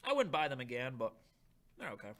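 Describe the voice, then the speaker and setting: A young man hosting a casual charity livestream, reading chat aloud and trying snacks with a rambling, animated manner. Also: medium pitch, brisk, a little hiss or hum. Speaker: livestream host.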